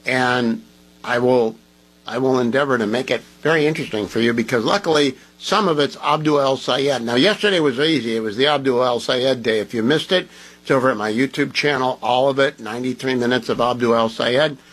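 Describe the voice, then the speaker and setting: Radio host man, talk monologue, opinionated and emphatic, mid pitch. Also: a little fast, fairly bright tone, low-quality recording. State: groggy from medication.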